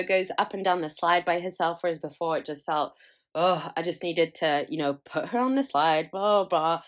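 A young adult woman hosting a solo podcast, talking candidly and chattily, swearing freely and laughing at herself. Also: mid-range voice. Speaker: podcast host.

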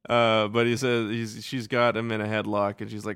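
A man's voice: lowish voice, animated, takes it slowly, long pauses, fairly bright tone, smooth, no room sound, clean studio sound. A man co-hosting a podcast, rambling casually about a movie, laughing often and acting out silly quotes. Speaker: podcast co-host. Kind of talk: casual movie review chat.

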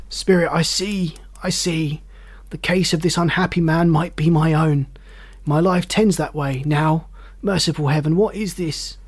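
A reader voicing an old miser who pleads earnestly with a spirit, slowing on key words. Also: medium pitch, steady tone, slightly rough, no room sound, lightly acted. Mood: pleading. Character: elderly miser, fearful and pleading. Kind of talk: audiobook character voice.

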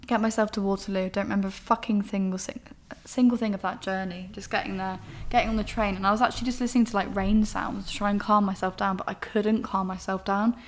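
A woman's voice: mid-range voice, steady tone, quick pace, few pauses. A young woman, a podcast host candidly telling a personal story in an emotional, rambling way. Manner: emotional, rambling, frank with swearing.

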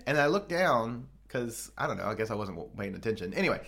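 A man's voice: medium pitch, big pitch swings, quick pace, vocal fry, fairly bright tone. Crude, joking man telling a rambling story. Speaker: podcast co-host. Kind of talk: casual chat.

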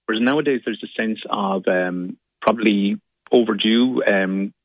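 Thoughtful Irish actor on a muffled line. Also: male voice, lowish voice, normal speed, no room sound. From Ireland. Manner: thoughtful, rambling. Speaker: actor guest. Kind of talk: radio interview.

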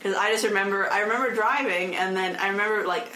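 A woman's voice: medium pitch, fast, sharp tone. A young woman co-hosting a casual chat, rambling with lots of fillers and frequent laughter. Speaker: podcast co-host. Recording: echoey room with faint noise.

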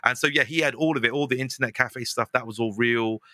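A young man, chatting casually as a podcast guest, animated and quick, often laughing. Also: medium pitch, dry recording. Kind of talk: casual chat.

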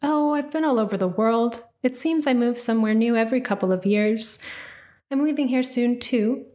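A woman reading the lines of a calm, mysterious bearded traveler in a spoken story, soft-spoken and cryptic. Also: fairly high pitch, normal speed, lightly acted. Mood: easygoing.

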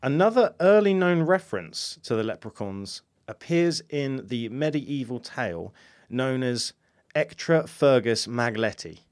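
A man's voice: medium pitch, big pitch swings, a little slow. Guy podcasting about folklore, bouncy voice, keeps chuckling. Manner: chuckles often, jokey asides. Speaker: podcast host. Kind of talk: casual chat reading folklore notes.

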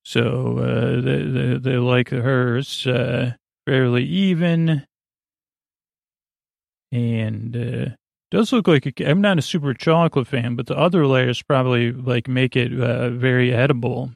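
Male podcast host, gravelly, flat delivery, rambling recap for sleep, halting with fillers. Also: medium pitch, no echo, studio quality. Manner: halting, many fillers and self-corrections.

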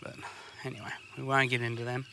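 Foul-mouthed Australian man with a bright, sharp voice. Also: medium pitch, completely flat delivery, fast, slight background noise. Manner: blunt, swears constantly, rambling storyteller. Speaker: fishing podcast host. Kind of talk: casual banter while fishing. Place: outdoors on a boat on a river. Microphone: portable recording equipment on the boat.

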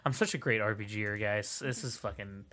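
A man's voice: on the low side, normal speed, pushed and bright, a little hiss or hum. A man playing a tabletop role-playing game, rambling and self-mocking, often laughing at himself. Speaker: player. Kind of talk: tabletop role-play chat.

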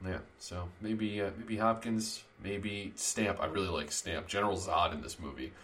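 A man's voice: deep voice, normal speed, fairly bright tone. A man co-hosting a film review podcast in casual chat, thinking aloud with restarts. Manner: hesitant, lots of restarts. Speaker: podcast host.

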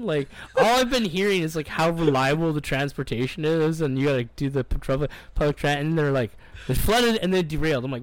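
A man's voice: fairly high pitch, animated, brisk, no echo. Rambling, swearing podcast guy. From Canada. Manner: rambling, profane, acts out quoted voices. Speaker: podcast co-host. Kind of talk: casual storytelling chat.

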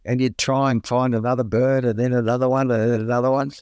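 A man's voice: medium pitch, quick pace, smooth, no echo. Chatty Australian man telling stories. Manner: chatty, relaxed, colloquial, acts out his own exclamations. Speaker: guest. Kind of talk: casual storytelling.

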